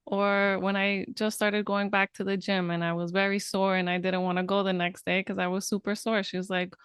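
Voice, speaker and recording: A woman's voice: medium pitch, flat delivery, a little fast, fairly bright tone, smooth, no echo, clean studio sound. Candid laughing woman co-host. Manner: candid, laughs often, chatty storytelling. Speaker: podcast co-host. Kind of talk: casual parenting podcast chat.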